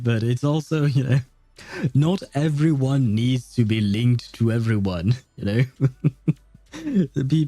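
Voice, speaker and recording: A man's voice: medium pitch, slow, warm tone, dry recording, faint music behind. A man streaming a game, reading its dialogue aloud and chatting with a laugh and many restarts, with a lozenge in his mouth.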